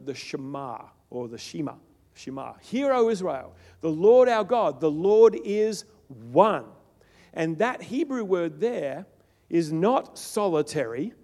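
Male preacher, slightly high voice, sermon with swings from soft to forceful, long hall reverb. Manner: builds to loud emphatic peaks, then drops soft.

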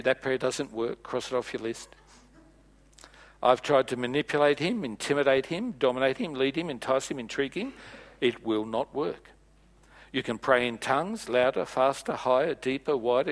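A man preaching a sermon in a church, playful and animated, acting out bits of dialogue as he goes. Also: a little high.

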